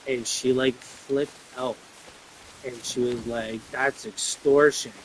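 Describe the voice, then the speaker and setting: A man talks straight to his audience in a rambling personal monologue, packed with fillers and curse words. His voice sits at an everyday middle pitch. A faint hum runs underneath. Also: little pitch movement, takes it slowly. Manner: rambling, filler-heavy, profane. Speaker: vlogger.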